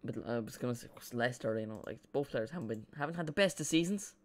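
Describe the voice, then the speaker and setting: A young Irish man chatting and rambling excitably through a live football watch-along stream. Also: medium pitch, fast talker.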